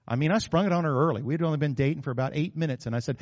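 A middle-aged male pastor preaches with animated energy and sudden loud bursts. His voice sits a bit high for a man. It rings through a long hall reverb on a dull, muffled recording. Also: rapid-fire, few pauses. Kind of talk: sermon.

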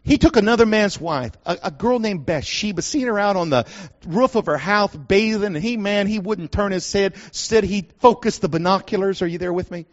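A man preaching a sermon, swinging dramatically between hushed and loud. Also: sits high, moderate pace. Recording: lo-fi muffled recording.

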